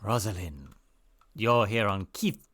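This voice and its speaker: A man voicing a stern woman soldier in a video game, speaking in a low, measured, commanding way. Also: lively intonation, a bit bright, heavily acted.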